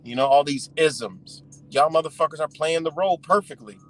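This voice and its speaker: A man's voice: on the high side, normal speed, a little hiss or hum, poor audio. A man hosting a livestream, ranting heatedly and with lots of profanity to his viewers while sitting in a car. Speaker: livestream host.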